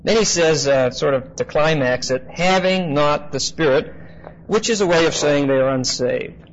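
A man preaching an expository Bible teaching, measured and emphatic, often pausing with "uh" and checking in with "okay?". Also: fairly high pitch. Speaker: pastor. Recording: slightly dull lo-fi sound with faint noise.

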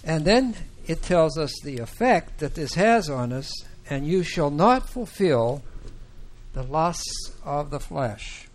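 A man teaching a Bible class, talking slowly and haltingly with many fillers and restarts. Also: on the high side, expressive, slight background noise. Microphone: microphone that sometimes cuts out.

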